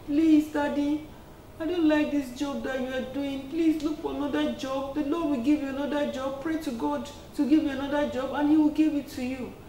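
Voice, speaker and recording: A woman voicing a small child who quietly and gently pleads with their parents. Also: sits high, steady tone, normal speed, slight background noise, pitched above the performer's own voice, natural voice. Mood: pleading softly. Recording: echoey room, distant mic.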